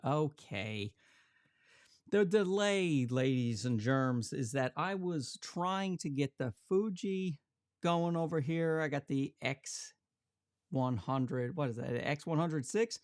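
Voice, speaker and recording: A man's voice: fairly high pitch, slow, smooth, no room sound. A man hosting a camera livestream from his home studio, chatting and joking as he reads viewer comments aloud. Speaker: camera channel host. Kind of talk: casual livestream chat. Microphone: XLR shotgun mic.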